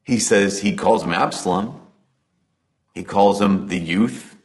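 Man, preacher, conversational sermon, earnest, slightly low voice. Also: slow. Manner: earnest, builds intensity then drops to soft emphasis.

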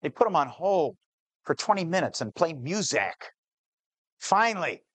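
A man telling a true-to-life story to an audience, slowing down on key details and voicing the people in it. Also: high-pitched, lively intonation, fairly bright tone, dry recording. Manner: shifts pace, slows on key details, plays the people in the story. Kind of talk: dramatic spoken storytelling.

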